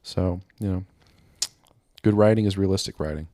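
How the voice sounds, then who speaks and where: A deep-voiced man hosts his own podcast with no plan, wandering from one thought to the next and poking fun at himself. He sounds a little out of breath. His voice is close and dry, with almost no room sound. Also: moderate pace, dark tone, no room sound. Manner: rambling, self-mocking, laughs at own jokes. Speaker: podcast host. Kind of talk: unscripted solo chat.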